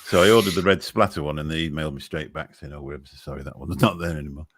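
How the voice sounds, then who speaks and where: A man's voice: rumbling low, fairly even intonation, racing, very noisy. A man chatting as a guest on a live stream, rambling and self-deprecating, with a sarcastic streak. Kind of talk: casual chat.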